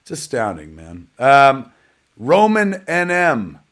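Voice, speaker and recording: A man's voice: medium pitch, wildly swooping pitch, slow pace, fairly bright tone. Rambling, slangy male live-stream host. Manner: rambling, self-deprecating, slangy, calls the audience kids and man. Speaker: red carpet host. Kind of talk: casual live-stream hosting.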